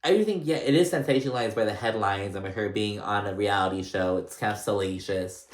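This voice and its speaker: A man's voice: lowish voice, a little fast. Chatty man recapping in an echoey room. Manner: chatty, rambling, filler-heavy, sassy. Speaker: recap host. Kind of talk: casual reality TV recap.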